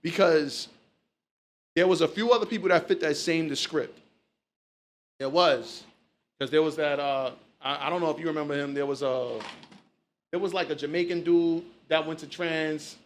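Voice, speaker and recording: Loose-talking New man, slightly high. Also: moderate pace, pauses often. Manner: loose, storytelling, swears freely. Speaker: podcast host. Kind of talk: casual chat.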